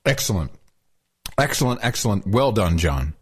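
A man's voice: fairly low pitch, big pitch swings, moderate pace, a little hiss or hum. A middle-aged man co-hosting a podcast, bantering and teasing. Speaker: podcast co-host. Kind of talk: casual banter.

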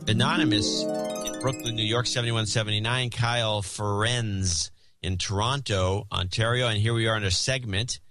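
Low, bright-voiced man reading donor names. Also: moderate pace, faint music behind. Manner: dry, sardonic, reads names and amounts in a steady rhythm. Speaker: podcast co-host. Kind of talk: casual chat, reading donor list.

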